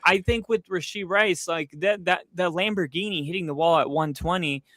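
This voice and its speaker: A man's voice: sits high, moderate pace. A man casually co-hosting a podcast, telling a long personal story full of fillers and asides. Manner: rambling, animated storyteller with frequent fillers. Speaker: podcast co-host. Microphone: streaming setup, close mic.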